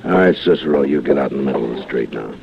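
Matt Dillon, a deep-voiced marshal. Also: male voice, animated, vocal fry, full character voice. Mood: firm. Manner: measured, firm. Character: steady frontier marshal, calm authority. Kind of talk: 1950s radio drama acting. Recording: muffled old radio broadcast, noisy.

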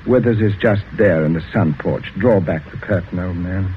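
An actor playing a genial but murderous father with a gun in an old radio drama, chuckling and smooth. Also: sits low, normal speed, background noise, lightly acted. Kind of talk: 1940s radio acting. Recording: dull old radio broadcast.

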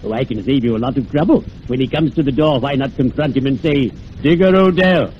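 A man acting as a gloomy, punning undertaker with a mid-range voice, slow and sepulchral in delivery. The voice sounds muffled and faintly hissy, as on an old radio broadcast. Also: medium pitch, lightly acted. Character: morbid, joking undertaker friend. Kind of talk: 1940s radio comedy acting.

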